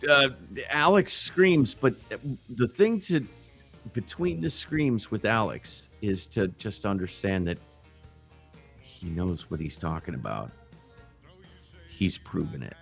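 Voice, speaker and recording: Low-voiced man rambling on a livestream. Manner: rambling, loose and profane, restarts often. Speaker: livestream host. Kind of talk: casual livestream chat. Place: backyard grill gazebo.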